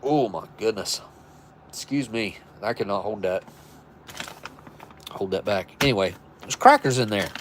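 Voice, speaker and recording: A man's voice: on the low side, animated, measured pace, long pauses, a little hiss or hum. A man hosting a live stream, chatting casually and rambling as he thinks aloud and corrects himself. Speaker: live stream host reviewing military rations.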